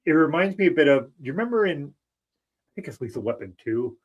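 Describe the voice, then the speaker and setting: A man's voice: a little high, big pitch swings, fairly quick, highs cut off. A man co-hosting a casual chat show, wandering into rambling tangents and laughing easily. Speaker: podcast co-host.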